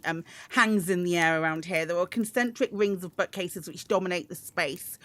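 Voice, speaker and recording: A woman's voice: mid-range voice, a bit bright, dry recording. Hesitant woman running a tabletop game. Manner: hesitant, many ums and restarts. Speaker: game master.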